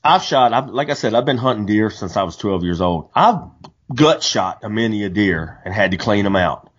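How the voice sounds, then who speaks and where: A man's voice: lowish voice, normal speed, husky. A man co-hosting a casual hunting podcast, telling stories animatedly with many restarts. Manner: animated storyteller, frequent restarts. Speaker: podcast co-host. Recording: dull lo-fi podcast audio.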